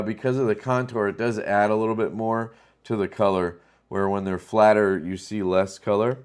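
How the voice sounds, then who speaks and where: A man's voice: fairly low pitch, clean tone. A man hosting a casual product showcase, talking loosely and enthusiastically with plenty of fillers. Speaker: knife channel host.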